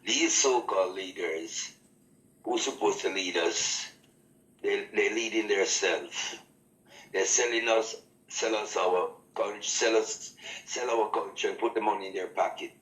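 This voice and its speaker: A man's voice: fairly low pitch, unhurried, a bit bright, echoey room, rough recording. A man from Jamaica with a Jamaican accent, calling in to a talk show and complaining with fervent passion. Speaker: caller. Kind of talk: phone-in call.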